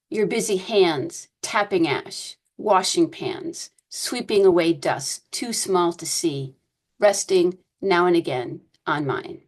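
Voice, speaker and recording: A woman reading her own poems aloud at a poetry reading, in a slow, measured way. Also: on the low side. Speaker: poet reading.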